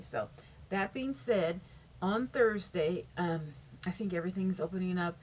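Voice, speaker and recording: A woman's voice: lowish voice, expressive, moderate pace, darkish tone, dull audio. Woman, home vlog, rambling, self-correcting, faint background hiss. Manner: rambling, stumbles over numbers, self-corrects. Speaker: vlogger. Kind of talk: casual update reading figures aloud.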